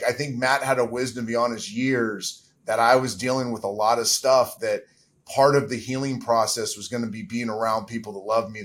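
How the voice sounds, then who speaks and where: A middle-aged man speaking as an interview guest at an ordinary mid-range pitch. He talks earnestly and reflectively, often pausing on fillers as he works through his thoughts. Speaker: guest, former pro quarterback. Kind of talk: candid interview answers.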